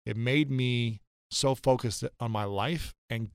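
An American man in his thirties, appearing as a podcast guest, tells a personal story earnestly and reflectively, repeating phrases for emphasis. His medium-pitched voice is clear and resonant, and he speaks slowly in studio-quality sound with no echo.

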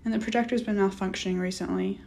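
A woman's voice: medium pitch, fairly even intonation, fast, a little mellow, close to an everyday voice. A woman doing an evasive, uneasy father. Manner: hesitant, soothing.

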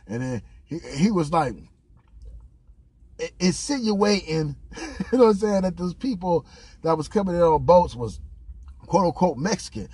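A man's voice: on the high side, animated, normal speed, mellow, breathy edge, no room sound. A man hosting a podcast in casual chat, telling a loose, profane story with a lot of laughter. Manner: acts out other people's words in exaggerated voices. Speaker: podcast host.

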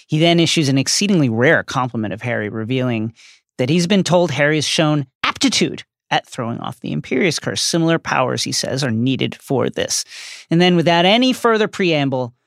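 A man's voice: fairly high pitch, lively intonation, fairly quick, creaky, fairly bright tone, dry recording, studio quality. A man co-hosting a podcast, recapping a book as dramatic storytelling and acting out the quotes. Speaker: podcast co-host. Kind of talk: recapping and reading book passages.

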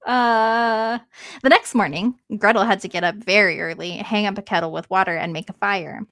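A woman reads a fairy tale aloud in a relaxed, chatty podcast style, stopping now and then to make jokes and remarks. Her voice sits at an ordinary middle pitch. The sound is dry and close to the mic. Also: quick pace, dry recording. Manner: reads aloud and breaks off often to joke and comment. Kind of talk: casual read-aloud with banter.

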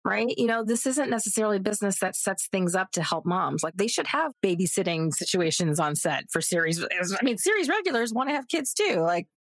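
A woman's voice: brisk, few pauses, dry recording. Woman in her 30s telling a story, voice jumps around when she quotes people, dry close sound. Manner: animated, acts out quoted voices with big pitch jumps. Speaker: actress guest. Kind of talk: casual storytelling on a podcast.

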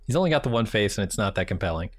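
Lowish voice, guy recapping an episode, easygoing, dry close mic. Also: racing, dry recording. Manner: plain, steady plot summarizing with fillers. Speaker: podcast co-host. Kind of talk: casual recap chat.

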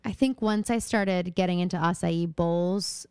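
A woman's voice: on the low side, unhurried, darkish tone, smooth, dry recording, clean studio sound. Chatty young woman podcast co-host. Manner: chatty, rambling, lots of fillers and giggles. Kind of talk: casual chat.

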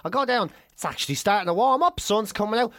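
A woman's voice: mid-range voice, lively intonation, quick pace, fairly bright tone, dry recording. Irish woman, podcast co-host, comic ranting with casual swearing, dry close sound.

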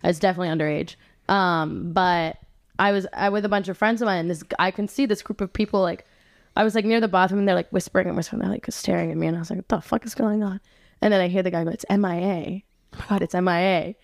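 A young woman, a podcast guest, telling stories in quick, animated casual chat full of "like". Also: lowish voice, creaky, no room sound, studio quality. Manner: quick, animated storytelling with lots of "like".

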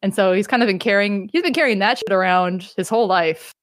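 A woman hosting a casual podcast chat, animated and swearing freely, acting out quotes as she talks. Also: mid-range voice, fast, dry recording, clean studio sound. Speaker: podcast host.

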